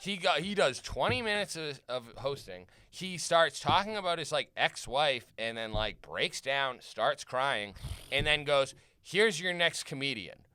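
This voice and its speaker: A man's voice: fairly high pitch, measured pace, pushed and bright, clean tone, no echo. A young man, a comic guest, telling a profane, self-deprecating story in casual podcast chat. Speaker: comedian guest.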